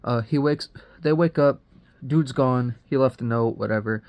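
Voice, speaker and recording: Young male reviewer, mid-pitched voice, rambling and profane slangy recap. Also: normal speed, darkish tone, dull audio. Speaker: movie reviewer. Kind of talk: casual spoiler recap.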